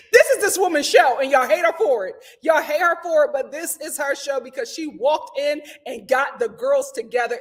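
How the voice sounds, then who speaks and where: A woman with a high voice dishes on reality TV in a casual recap. She is sassy and slangy, firing off blunt opinions like a regular host chatting with her viewers. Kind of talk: casual live recap chat.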